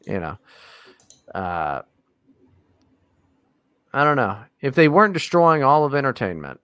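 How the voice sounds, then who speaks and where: A man's voice: medium pitch, sing-song, measured pace, bright, forceful tone, smooth, no room sound, studio quality. A man co-hosting a podcast, ranting in a casual, profane and exasperated way. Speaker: podcast co-host.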